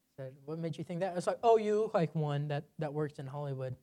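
A man preaching a sermon, telling a personal story and building to loud emphatic peaks before dropping low and quiet. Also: lively intonation, fast talker.

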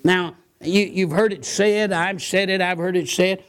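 A man's voice: high voice, fairly even intonation, a little slow, clear, resonant tone. A man preaching a sermon, earnest and given to repeating his words. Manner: earnest, repeats words, quotes scripture and hymns.

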